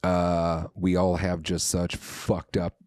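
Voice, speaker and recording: Pria bersuara rendah, ngobrol santai. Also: male voice, low-pitched, monotone, slow pace, a little mellow, clear, resonant tone, no room sound. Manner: rambling storyteller, swears freely. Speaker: podcast co-host. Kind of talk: casual chat.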